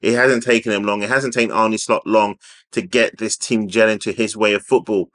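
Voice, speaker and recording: Guy ranting about football on his channel, bright voice, keeps repeating stuff for emphasis. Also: on the low side, fairly even intonation, a little fast. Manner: opinionated, emphatic, repeats himself for stress. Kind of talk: unscripted opinion vlog.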